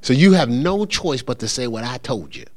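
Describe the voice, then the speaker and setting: A middle-aged man teaching a church congregation in a relaxed, conversational way, acting out the voices of churchgoers and checking in with his listeners. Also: mid-range voice, moderate pace. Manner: animated, acts out voices of churchgoers and callers; conversational with frequent check-ins. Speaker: pastor teaching. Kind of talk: informal church teaching talk.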